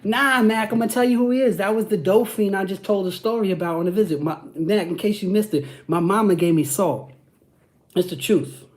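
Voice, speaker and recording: On his livestream, a high-pitched, slightly fast-talking man from Brooklyn fields questions from chat. As the channel host, he uses hyped, profane street talk in a New York accent, constantly tossing in "you know what I'm saying."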